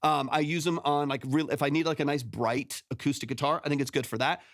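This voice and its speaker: Producer guy rambling thru mix feedback, kinda high voice, dead dry close mic. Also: steady tone, fast talker, no room sound. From San Antonio, Texas. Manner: rambling, self-correcting, often tags "right?". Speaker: music producer and mix engineer giving feedback. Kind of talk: casual livestream teaching. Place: home studio. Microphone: close studio microphone with compression.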